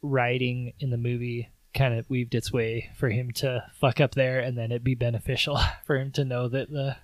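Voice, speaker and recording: A man's voice: medium pitch, level tone, normal speed, no echo. Chill guy on a movie podcast, muses and says mm-hmm a lot, dry close mic. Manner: laid-back, drawls, often backchannels with mm-hmm. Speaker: podcast co-host. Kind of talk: casual movie chat.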